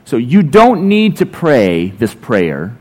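A man's voice: medium pitch, wildly swooping pitch, takes it slowly, a little mellow. A man preaching a sermon as a pastor, telling everyday stories with dry, playful sarcasm. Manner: conversational, ironic storytelling with playful sarcasm.

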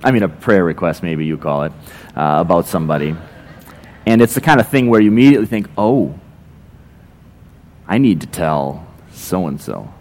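Here a pastor with a low-pitched, slightly mellow male voice preaches. His delivery is conversational storytelling about daily life, tinged with irony and dry, playful sarcasm.

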